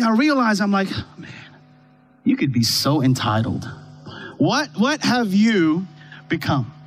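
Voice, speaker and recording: A man's voice: very high-pitched, rough recording. A man preaching a conversational sermon from a church stage, telling a personal story and asking the congregation rhetorical questions. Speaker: pastor. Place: church stage with a worship band. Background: faint keyboard pad music.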